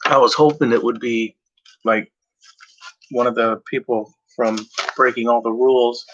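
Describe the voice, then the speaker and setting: Man, casual video host, rambling, hesitant, bright sharp voice, dull lo-fi recording. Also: mid-range voice, steady tone, unhurried. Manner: rambling, hesitant, with many fillers and self-corrections. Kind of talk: casual talk to camera. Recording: dull lo-fi sound.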